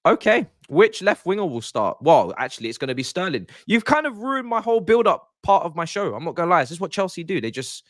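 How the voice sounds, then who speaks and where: A lively man, his voice leaping up and down as he jokes and grumbles through a live-stream pre-match chat. His pitch sits a bit high for a man, and the sound is close and dry, with no room around it. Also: quick pace, hardly any pauses, no room sound. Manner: animated, exasperated, joking banter. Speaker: football fan streamer.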